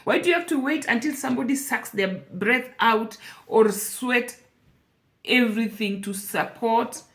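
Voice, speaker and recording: A woman's voice: a little high, a little slow. A woman speaking to camera in an emotional personal vlog, earnest and repeating phrases for emphasis. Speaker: vlogger.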